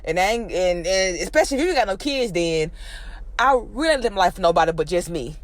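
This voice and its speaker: A woman vlogger giving a casual ranting recap, blunt and opinionated with heavy profanity, her voice jumping up in pitch when she exclaims. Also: animated, quick pace, no echo. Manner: swings up into high exclaiming pitch. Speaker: reality show recap vlogger.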